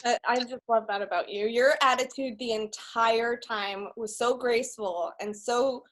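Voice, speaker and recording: Chatty woman host, slightly high voice. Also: fairly even intonation, a little slow. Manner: chatty, with many fillers and asides. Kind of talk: casual interview talk.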